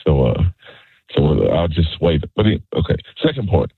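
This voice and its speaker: Male radio caller, very low husky voice, dry tinny phone sound, halting stop-start delivery. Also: lively intonation, dry recording. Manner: halting, repeats words while making his points. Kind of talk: call-in radio opinion.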